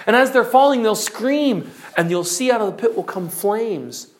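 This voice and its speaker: A preacher teaching from notes, telling an allegory dramatically and slowing down to stress key words. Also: mid-range voice. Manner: animated, dramatic storytelling, drops to slow emphasis. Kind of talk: storytelling sermon lesson.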